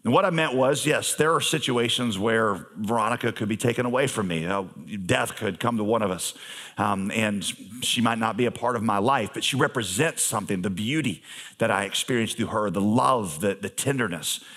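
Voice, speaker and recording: A male pastor preaching a sermon in a conversational manner, with humorous asides and emphatic pauses. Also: lowish voice, fairly bright tone.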